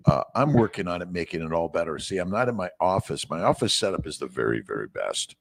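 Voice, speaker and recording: A man's voice: sits low, big pitch swings, fast, creaky, breathy edge, no echo, studio quality. A man in his sixties hosting a morning livestream, rambling in an encouraging way as he reads out viewer names and comments. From United States. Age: 60s. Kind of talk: casual livestream chat reading viewer comments. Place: away from his usual office. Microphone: phone mic.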